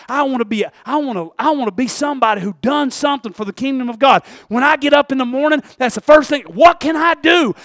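A male pastor preaching a sermon in a repetitive, conversational way, swinging between loud exclamations and hushed, low asides. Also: dry recording, clean studio sound.

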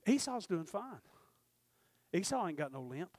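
A man preaching a sermon, telling folksy stories and acting out the dialogue, swinging from shouted peaks down to low murmurs. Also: sing-song, unhurried, no room sound. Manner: folksy storytelling with acted-out dialogue. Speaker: pastor.

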